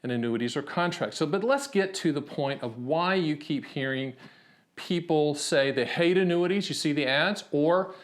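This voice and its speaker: A man's voice: fairly high pitch, normal speed. A man from the United States hosting his own explainer video about annuities, talking in a brash, emphatic salesman style with punchy rhetorical questions and anecdotes. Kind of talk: direct-to-camera explainer with anecdotes.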